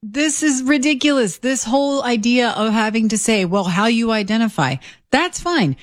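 A woman's voice: a little high, animated, moderate pace, no echo. Female radio co-host, blunt and sarcastic, dry studio mic. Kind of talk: opinionated talk radio banter.

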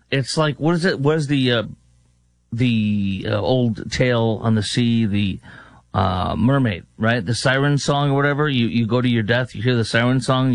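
A man fills in as host of a political talk radio show, mocking and sarcastic as he stacks up rhetorical questions. His voice sits at a middling pitch. The studio sound is dry and close. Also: no echo.

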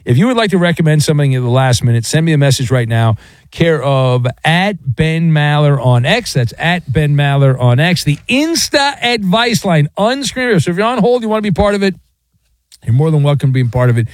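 A man's voice: a little high, lively intonation, no echo, clean studio sound. A man hosting a late-night sports radio show, teasing a caller and rolling into a promo. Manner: playful, teasing, quick ad reads. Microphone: studio mic.

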